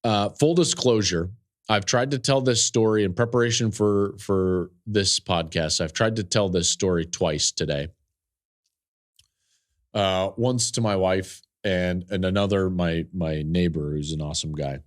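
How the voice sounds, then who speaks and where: A man with a lowish voice hosts a sports podcast. He tells a story earnestly, at times close to tears, repeating himself and reaching for fillers along the way. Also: measured pace. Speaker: podcast host and football analyst.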